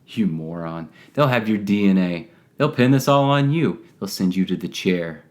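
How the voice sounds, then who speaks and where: A man voicing a tough, blunt middle-aged man who talks in a gruff, commanding way, in an audio drama. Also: sits low, expressive, normal speed. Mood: scolding.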